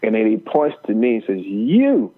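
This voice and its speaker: A man's voice: on the low side, quick pace. Earnest man on a tinny phone line. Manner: earnest, many fillers and restarts. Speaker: podcast guest. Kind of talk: storytelling testimony.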